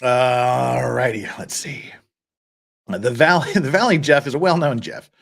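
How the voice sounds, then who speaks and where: A man's voice: on the high side, very animated, moderate pace, a bit bright, husky. A middle-aged man hosting a live stream, chatting casually, reading out viewer comments and laughing often. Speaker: livestream host.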